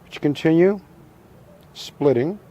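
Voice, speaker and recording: A middle-aged man calmly demonstrating a hands-on craft step by step, methodical and repetitive with a touch of dry humor. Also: a little high, unhurried. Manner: calm, methodical, repeats instructions, dry humor. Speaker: taxidermy instructor.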